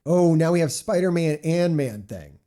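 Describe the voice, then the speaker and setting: A man's voice: on the high side, lively intonation, normal speed, mellow. A man hosting a live stream, chatting casually and telling stories with jokes and swearing. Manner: joking, profane storytelling. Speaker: streamer host.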